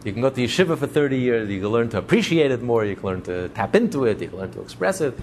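A man's voice: medium pitch, very animated, quick pace, a little hiss or hum. A man preaching as a rabbi in an impassioned sermon, piling up repeated phrases for emphasis. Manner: repetitive, building emphatic lists.

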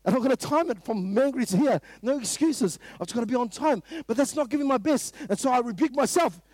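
A New Zealand-accented preacher delivers a morning prayer-meeting sermon, emphatic and full of repeated rhetorical questions, now and then erupting loudly. He talks fast in a very high, expressive voice on a dry recording.

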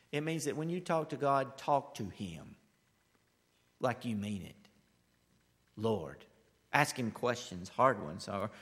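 A man delivers a sermon in an earnest voice, rising to bold, loud declarations and dropping to hushed asides. His tone is bright and forceful. A long reverb trails his words as if he speaks in a large hall. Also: mid-range voice. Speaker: preacher.

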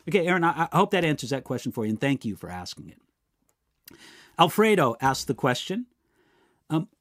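A man's voice: fairly high pitch, dry recording, clean studio sound. A man teaching the Bible in a live Q&A, answering viewer questions by name in an earnest, explanatory way.

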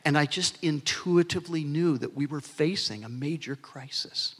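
A man's voice: fairly high pitch, normal speed, fairly bright tone, husky. A man in his sixties preaching a sermon as pastor, earnest, swelling into emphasis and dropping to near-whispers. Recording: long hall reverb.

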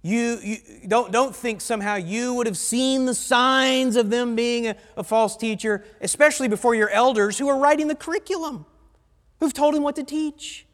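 A man's voice: extremely high pitch, moderate pace, long reverb tail. A male pastor from the United States preaching a sermon bluntly, with conversational asides to his congregation. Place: church sanctuary.

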